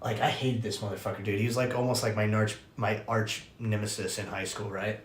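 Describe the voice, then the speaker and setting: A young man, a podcast host, telling a story in casual chat, animated and profane, acting out the voices of people he quotes. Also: lowish voice, brisk. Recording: roomy echo.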